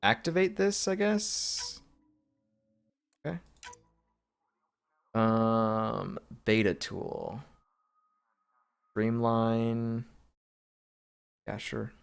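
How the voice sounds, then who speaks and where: A man's voice: medium pitch, drawn-out words, creaky, long pauses, smooth, faint music behind. A man casually commenting while playing a video game, reading menu items aloud half to himself in an offhand, wry way.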